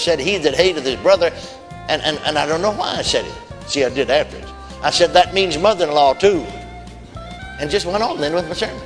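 A man's voice: on the high side, in a large hall. A man preaching a sermon, telling folksy stories with quoted voices and chuckles. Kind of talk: sermon storytelling.

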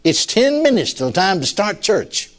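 Older preacher, high-pitched, folksy storyteller who chuckles a lot. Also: male voice, big pitch swings, measured pace. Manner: folksy, chuckling often, fillers like "you see". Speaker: pastor. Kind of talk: sermon storytelling.

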